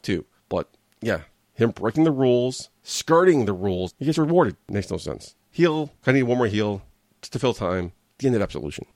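A fairly low-voiced man rants in a blunt, sarcastic way, sounding worn out and exasperated. His voice sits close and dry with no room around it. It comes across as a casual talk-show take from a regular host. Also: darkish tone, no room sound. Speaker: wrestling commentary host. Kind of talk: casual opinion rant.

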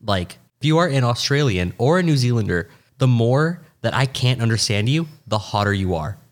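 A man's voice: mid-range voice, animated, moderate pace. A young man, co-hosting a podcast in casual chat, laughing often and rambling with restarts. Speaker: podcast co-host.

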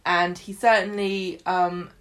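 A woman's voice: lowish voice, little pitch movement, slow pace. Chatty woman, enthusiastic. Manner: chatty, enthusiastic, many fillers and restarts. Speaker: podcast co-host. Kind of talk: casual chat about a soap opera.

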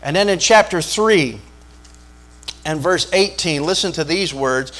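A pastor preaches with a bright, fairly high male voice. He hammers each point through repetition and call-and-response, and breaks it up with jokes. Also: unhurried. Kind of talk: sermon.

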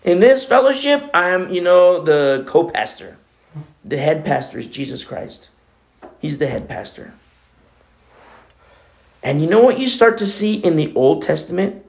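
Male co-pastor, conversational sermon, gravelly and fairly high voice. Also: big pitch swings, a little slow, long pauses, darkish tone. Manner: conversational preaching with many asides.

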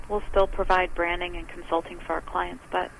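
A woman's voice: lowish voice, little pitch movement, a little fast, gravelly, a little hiss or hum, low-quality recording. A woman who runs her own business, talking chattily as an interview guest and acting out other people's words as she explains things. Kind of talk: conversational interview.

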